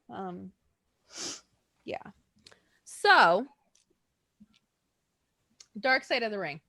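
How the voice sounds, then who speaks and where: A woman's voice: medium pitch, sing-song, very slow, vocal fry, pauses often, bright, forceful tone, no room sound, clean studio sound. A woman co-hosting a podcast in casual, rambling chat, laughing often. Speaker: podcast co-host.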